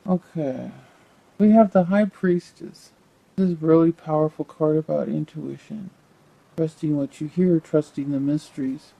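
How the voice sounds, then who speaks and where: A man giving a casual tarot reading, thinking aloud in a halting, rambling way with many repeated words. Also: a little high, creaky, lo-fi sound. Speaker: tarot reader.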